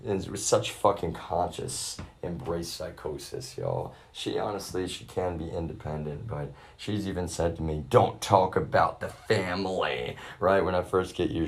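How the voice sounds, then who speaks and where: A young man with a very low voice vents into his own camera in a long, rambling rant. He swears constantly and keeps on calling his viewers y'all, like a streamer talking straight to his chat. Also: darkish tone. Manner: swears heavily and keeps addressing the audience as y'all. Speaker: livestreamer. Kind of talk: profane rambling rant to a live audience. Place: at his grandmother's residence. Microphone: self-filmed camera.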